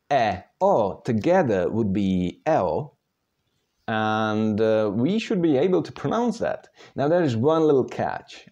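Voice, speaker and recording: A man's voice: mid-range voice, a little mellow, highs cut off. A Czech man teaching pronunciation patiently, step by step, sounding out words for learners. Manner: patient, demonstrating sounds aloud. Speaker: language teacher. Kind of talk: slow step-by-step pronunciation lesson.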